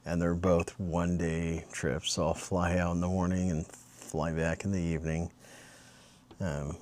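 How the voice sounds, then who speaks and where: Male vlogger, low-pitched, slow and meandering, casual storyteller. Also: a little mellow. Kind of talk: casual late-night vlog chat.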